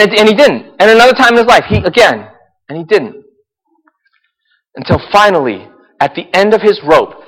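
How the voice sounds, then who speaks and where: A high-voiced male pastor preaches a sermon, swinging between loud, intense passages and soft, hushed ones, with some laughter mixed in. A long reverb trails his words, as if he were in a large church hall.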